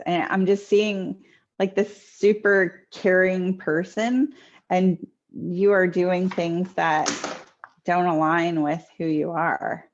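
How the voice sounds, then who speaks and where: Woman medium doing readings from home on a video call, slow gravelly voice, lo-fi audio. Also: lowish voice. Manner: chatty, hesitant with many ums, laughs easily. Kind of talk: live online intuitive readings. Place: home near a kitchen.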